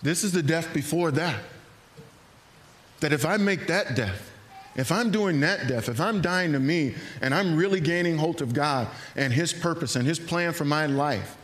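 A man preaching a sermon in a church, earnest and animated, acting out hesitant asides. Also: fairly high pitch, normal speed, slight background noise. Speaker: pastor. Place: church sanctuary.

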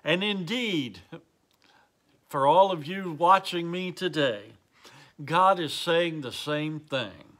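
Slow bright-voiced male preacher. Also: a little high. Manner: earnest, deliberate storytelling to a camera audience. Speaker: Bible study teacher. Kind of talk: storytelling Bible lesson.

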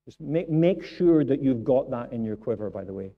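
A man's voice: medium pitch, lively intonation, moderate pace, narrow, tinny audio. A man preaching a sermon in church, earnest and repeating phrases for emphasis. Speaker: pastor.

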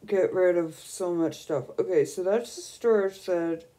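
A young woman streaming a video game, gushing and excitable as she squeals over new items. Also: lowish voice, a little slow. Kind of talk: casual gameplay commentary.

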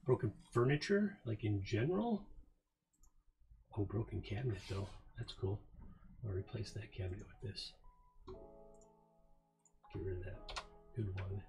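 Easygoing male streamer, slow and rambling. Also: lowish voice, lively intonation, over music. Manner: rambling, joking, talking to himself. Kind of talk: casual live-stream chat while working. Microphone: headphones on.

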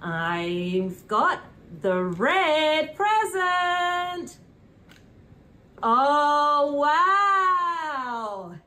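A young woman with a British accent, presenting a preschool lesson in a slow, sing-song, animated way, with gasps and cheers. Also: sits high. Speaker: children's presenter. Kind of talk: preschool teaching.

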